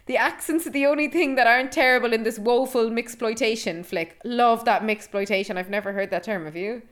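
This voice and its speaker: A woman's voice: a little high, brisk. A woman co-hosting a podcast, chatting and laughing as she reads out bits of a film review. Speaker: podcast co-host. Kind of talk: casual chat reviewing a film.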